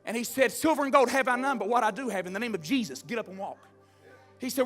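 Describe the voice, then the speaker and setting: A man preaching a sermon, telling stories with fervor and building up to shouts. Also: very high-pitched, animated, fast talker, pauses often, faint music behind. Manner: fervent storytelling preacher, swells to shouting.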